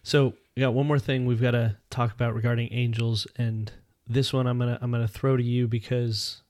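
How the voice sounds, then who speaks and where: A man's voice: medium pitch, level tone, a little fast, darkish tone, dry recording, studio quality. A man co-hosting a casual faith discussion podcast, earnest and thinking aloud with frequent restarts and asides. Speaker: podcast co-host.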